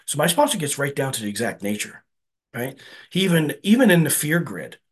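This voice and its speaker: His voice a little high and husky, this man speaks slightly fast and very animatedly while sharing at a recovery meeting. The tone is earnest and conversational, peppered with "right?" as he checks in with the group.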